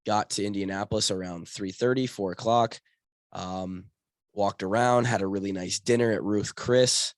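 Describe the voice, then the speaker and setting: A young man with a hoarse voice from a cold, hosting his podcast in rambling, self-correcting casual talk. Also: fairly low pitch, fairly even intonation, normal speed, no room sound, clean studio sound. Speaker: podcast host.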